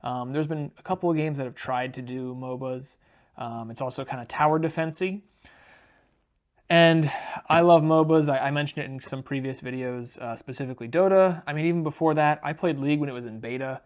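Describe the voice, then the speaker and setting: A man chatting casually in a talking-head board game vlog, relaxed and unscripted with frequent ums. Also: mid-range voice, fairly quick. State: briefly out of breath after carrying boxes. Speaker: board game video creator.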